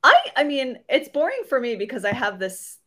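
A woman's voice: high voice, sing-song, fairly quick, a crowd in the background. A woman co-hosting a podcast in casual chat, talkative and laughing often. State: congested nose. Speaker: podcast co-host.

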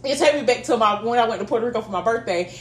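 Profane, animated woman telling stories. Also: a little high, very fast, reverberant, a little hiss or hum. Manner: animated storytelling, profane, laughs often. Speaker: podcast co-host. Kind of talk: casual chat.

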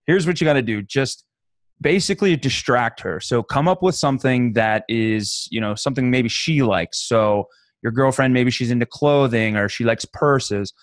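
A man's voice: medium pitch, moderate pace, no echo, studio quality. A man co-hosting a podcast in casual chat, handing out joking, playful advice. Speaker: podcast co-host.

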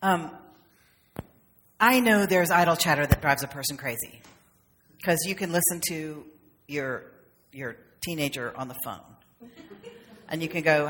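A woman's voice: deep voice, a little slow, long pauses, a bit bright, slight background noise. A woman minister giving a conversational, humorous sermon, with playful acted asides. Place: church sanctuary. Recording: long reverb of a sanctuary.

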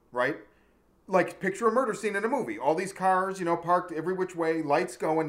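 A man in animated storytelling mode, his voice sitting high and swinging widely as he goes. He swears freely and jumps into loud impressions of the people in his tale. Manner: animated, profane, acts out shouting cops. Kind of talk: casual storytelling chat.

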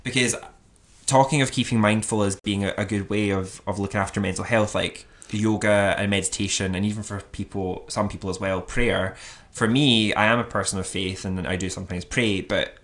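A man with a fairly low voice, talking casually as a podcast co-host. He is animated and laughs easily, filling his sentences with ums and likes. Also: brisk. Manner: chatty and animated, laughing easily, with frequent fillers. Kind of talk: casual chat.

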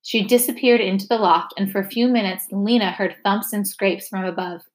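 A woman reading a novel chapter aloud, steady and expressive. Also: medium pitch, moderate pace. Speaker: reader.

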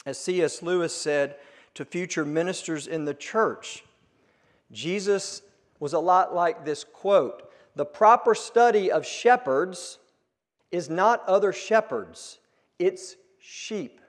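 A male pastor preaching a sermon, earnest and emphatic at peaks, then dropping to a hush. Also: sits high, slow. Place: church sanctuary. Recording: long reverb of a church hall.

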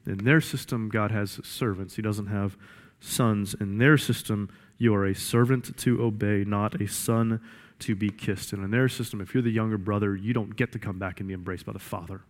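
A man's voice: lowish voice, steady tone, moderate pace. A male pastor preaching a sermon in an emphatic style with lots of repetition. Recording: echoey hall reverb.

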